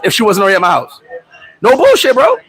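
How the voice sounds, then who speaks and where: A man hosting a casual livestream, telling stories in a profane, animated way, with loud outbursts, and answering viewer comments. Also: high voice, quick pace, husky, poor audio. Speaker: livestream host.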